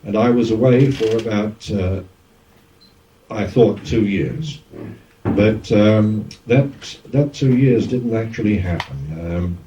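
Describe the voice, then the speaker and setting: An older Australian man spins yarns from his radio days in a lively, raconteur's way. His voice is low-pitched and mellow, heard from a distance on a dull, lo-fi recording. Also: slow, slight background noise. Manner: lively raconteur, acts out quoted speech. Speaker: former radio DJ, interviewee. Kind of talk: anecdotal storytelling interview. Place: event venue.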